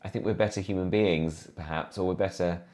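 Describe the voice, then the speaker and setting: Thirties male comic guest, very low voice, lively self-deprecating anecdotes. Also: a little fast. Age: 30s. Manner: animated, self-deprecating storyteller with many restarts. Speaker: comedian guest. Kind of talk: casual interview chat.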